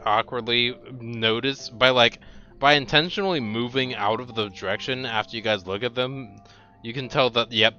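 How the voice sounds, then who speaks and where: Bright-voiced man running a tabletop game. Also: mid-range voice. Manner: relaxed, halting with fillers. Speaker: game master. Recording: dull lo-fi mic with faint music.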